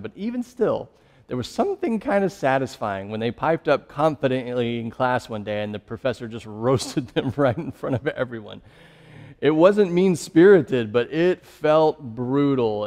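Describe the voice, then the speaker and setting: A man's voice: mid-range voice, darkish tone, in a large hall. A young adult man preaching a sermon as pastor, conversational and laughing often as he tells stories.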